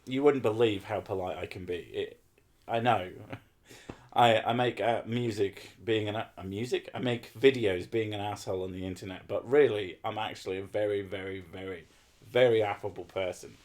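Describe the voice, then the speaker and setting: A man's voice: lowish voice, moderate pace, darkish tone. Sweary man ranting casually. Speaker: podcast host. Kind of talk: casual chat.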